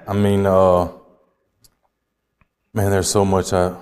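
A man from Georgia, slowly and reflectively telling his life story as an interview guest. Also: low-pitched, monotone, darkish tone, long reverb tail. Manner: slow, reflective, halting. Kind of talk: personal testimony in conversation.

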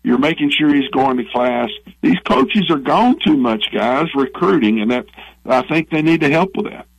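A man's voice: a little high, expressive, normal speed, vocal fry, poor audio. A man with a Southern American accent, a former athletic director giving opinionated, rambling views as a radio guest. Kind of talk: phone-in guest interview.

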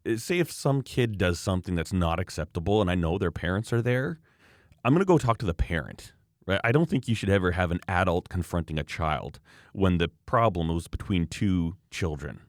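A middle-aged man telling an animated story in casual chat, acting out other people's voices as he goes. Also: sits low, fairly quick, dry recording, studio quality.

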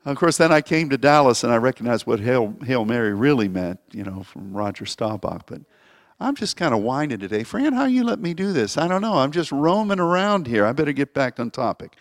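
A man's voice: on the high side, lively intonation, fairly quick, no echo, studio quality, big-room sound. A man preaching a sermon as pastor, rambling and anecdotal, often restarting his phrases. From Springfield, Missouri.

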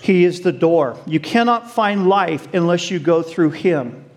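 A middle-aged man delivers a sermon with animation, posing questions to his audience and laughing along with them. His voice sits high, and he takes his time.

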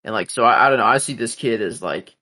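Dude casually theorizing about a show, lots of "like", hesitant. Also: male voice, medium pitch, lively intonation, bright, forceful tone, husky. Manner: halting, many fillers like "like". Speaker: podcast co-host. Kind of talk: casual TV recap chat.

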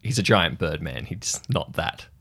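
A man narrating a tabletop game as game master, in slow, descriptive narration. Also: low voice, expressive, pushed and bright, breathy edge.

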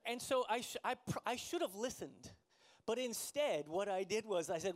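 High-voiced man preaching a sermon. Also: animated, normal speed. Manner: conversational storytelling, self-deprecating, laughs often. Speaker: pastor.

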